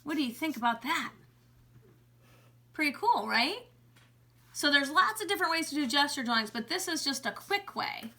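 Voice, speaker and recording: Woman art teacher, high and bright, chatty upbeat delivery in a basement studio. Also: lively intonation, moderate pace, long pauses. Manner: chatty and upbeat, drops to a soft coo when speaking to the animal. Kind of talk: casual online drawing lesson.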